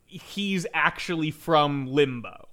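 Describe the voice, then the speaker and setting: Male co-host, casual podcast banter, jokey and self-deprecating, slightly high voice. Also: takes it slowly, sharp tone. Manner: joking, self-deprecating, acts out quotes. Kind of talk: casual movie discussion.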